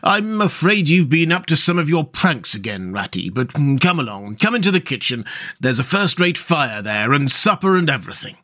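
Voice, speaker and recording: A man putting on a gruff old storybook badger. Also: mid-range voice, animated, pushed and bright, dry recording, studio quality, heavily acted. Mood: fatherly. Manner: slow and suspicious, then kindly. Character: gruff old male badger, grumpy then fatherly. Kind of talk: storybook reading.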